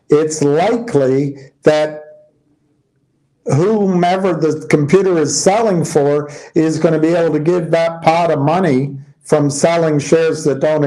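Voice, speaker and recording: A man's voice: on the high side, mellow, low-quality recording. A man giving casual stock market commentary, reading headlines aloud and musing over them in a loose, tired way. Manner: loose, restarting sentences, tired and yawning.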